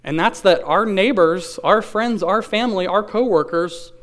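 A man delivers a sermon, reading scripture and then explaining it in an earnest, conversational way. His voice is smooth and clear and sits a little high for a man. He asks his listeners questions and slows down to lean on key phrases. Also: fairly bright tone. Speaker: pastor.

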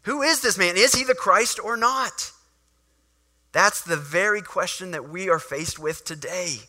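A man's voice: high-pitched, measured pace, bright, forceful tone. A man preaching a sermon, reading scripture and animatedly acting out the scenes he explains.

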